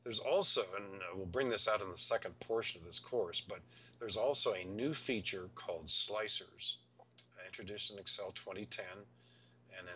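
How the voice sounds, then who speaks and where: A man's voice: lowish voice, moderate pace, sharp tone, slight background noise. A man teaching a screen-recorded spreadsheet tutorial, explaining step by step in a patient, thinking-aloud way. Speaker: software instructor.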